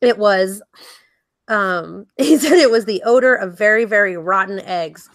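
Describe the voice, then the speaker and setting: A woman's voice: mid-range voice, a little slow, no room sound. A woman co-hosting a podcast, reading out news stories and laughing often in casual chat. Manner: giggly, reads stories aloud with laughs.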